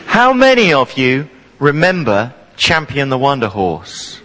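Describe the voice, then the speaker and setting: A man's voice: medium pitch, wildly swooping pitch, unhurried, sharp tone, poor audio. A man in his forties preaching a sermon, telling stories playfully and with humour. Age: 40s. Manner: humorous storytelling, playful.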